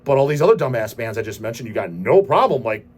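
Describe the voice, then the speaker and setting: A man's voice: mid-range voice, sing-song, fast, breathy edge. A man hosting a show, answering viewer questions in a profane, ranting casual style. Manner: profane, ranting, repeats goddamn. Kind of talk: casual rant.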